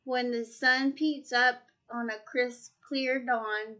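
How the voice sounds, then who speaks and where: A woman's voice: fairly high pitch, steady tone, slow pace, few pauses, sharp tone, clear, resonant tone. A woman reading a rhyming picture book aloud, with a rhythmic, sing-song delivery. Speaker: storyteller.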